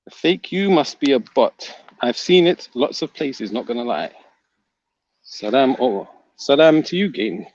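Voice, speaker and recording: A man's voice: mid-range voice, expressive, unhurried, darkish tone, no room sound, highs cut off. A man hosting a livestream, reading viewer comments aloud and teasing the chatters. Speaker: livestream host reading chat. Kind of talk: casual livestream chat.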